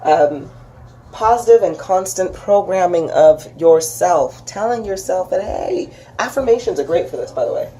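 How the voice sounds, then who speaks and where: A woman talking through a spiritual lesson in a loose, chatty way. She keeps restarting her sentences and slips into animated, higher voices when she quotes people. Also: moderate pace, a little hiss or hum. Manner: chatty, acts out quoted voices with big pitch jumps; frequent restarts and laughs. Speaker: spiritual teacher. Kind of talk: casual spoken lesson.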